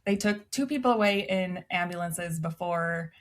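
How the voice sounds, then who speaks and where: A woman's voice: lowish voice, normal speed. A woman in her thirties, a podcast guest, telling stories in casual chat and laughing often. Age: 30s. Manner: chatty storyteller, laughs often.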